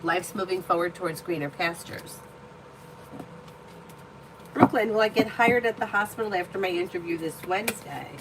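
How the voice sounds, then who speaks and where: A woman's voice: lowish voice, normal speed, pauses often, background noise. A woman hosting a live tarot stream who chats casually and tells personal stories bluntly, swearing freely. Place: indoor room at home.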